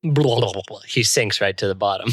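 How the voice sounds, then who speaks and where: A man's voice: fairly low pitch, brisk, breathy edge, dry recording. A man telling an improvised comic version of a film on a podcast, playful and theatrical, laughing often. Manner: playful, giggly, theatrical narration. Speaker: podcast co-host. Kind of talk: improvised comedic storytelling.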